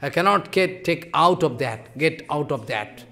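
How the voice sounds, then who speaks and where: A man's voice: a little high, animated, a little slow, vocal fry, bright, forceful tone. A man giving a devotional sermon, telling stories with emotion and repetition in broken English. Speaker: preacher.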